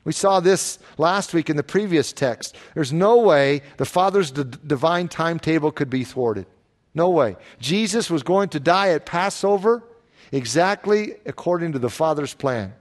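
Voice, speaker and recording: Male pastor, high-pitched, emphatic sermon delivery. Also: animated, moderate pace. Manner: emphatic preaching with repetition.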